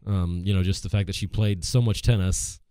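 A man co-hosts a casual podcast, easygoing and quick to laugh. His voice is very deep and dark, and he talks fast. The sound is dry and close. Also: fairly even intonation, smooth, no echo. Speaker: podcast co-host. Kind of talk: casual chat.

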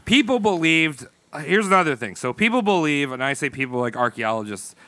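A man's voice: a little high, big pitch swings, a little fast, pushed and bright, no room sound. A man hosting a podcast, telling a history story in loose, jokey casual chat, laughing and swearing often. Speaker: podcast host.

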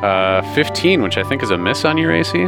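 A man's voice: medium pitch, lively intonation, brisk, creaky, over music. A man running a tabletop game as game master, casual and joking in his rulings.

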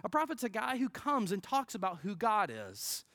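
A pastor delivering a sermon in an informal storytelling way, swinging from loud, high emphasis to near-whispers and often adding "right?". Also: animated, moderate pace, no echo, studio quality. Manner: peppers phrases with "right?".

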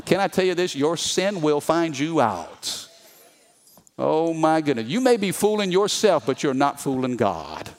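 A male pastor delivering a sermon in a high, lively voice that leaps up and down. He is animated and playful, cracking jokes, calling out for the crowd to respond and acting out the scripture as he reads it. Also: a little slow. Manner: animated, humorous, calls for congregation responses.

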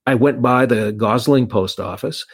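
A man's voice: medium pitch, normal speed, gravelly, breathy edge, dry recording. A man who works as an insurance agent, telling a long personal story in a casual, rambling way with frequent restarts. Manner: anecdotal, many restarts.

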